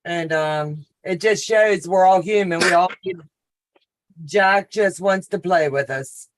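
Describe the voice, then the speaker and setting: A woman's voice: lowish voice, takes it slowly, background noise. Woman hosting a quilting livestream. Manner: friendly, reads viewer comments aloud. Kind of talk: casual livestream chat.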